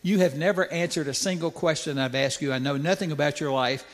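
A man's voice: fairly high pitch, fairly quick. An older man giving a folksy, conversational sermon story, with asides to the audience. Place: church sanctuary. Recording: echoey church hall.

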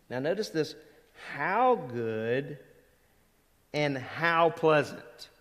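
A middle-aged man delivers a sermon in a church sanctuary, his fairly high voice ringing through a long hall reverb. He keeps a chatty, conversational tone and then leans hard on key words for emphasis. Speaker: pastor.

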